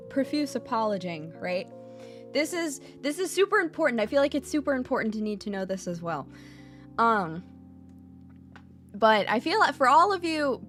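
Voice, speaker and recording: A woman hosting a laid-back livestream lesson at an average pitch. She is blunt and teasing, throws in the odd swear word, and keeps asking "okay?" to check her viewers are following. A guitar plays softly in the background. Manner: repeats phrases for emphasis. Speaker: VTuber streamer teaching Japanese.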